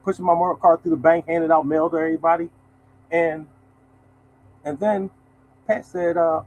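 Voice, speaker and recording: A man in his sixties telling a personal story to viewers in a casual, colloquial way, animated and chatty. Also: a little high, moderate pace, pauses often, rough recording. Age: 60s. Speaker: show host telling a story.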